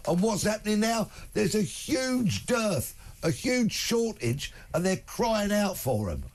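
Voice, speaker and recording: A husky-voiced man holds forth as a guest on a studio talk show. His pitch swings widely as he presses each point, and he piles up examples in long, insistent lists. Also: big pitch swings, slow. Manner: emphatic, builds long spoken lists. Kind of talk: talk radio discussion. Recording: broadcast studio.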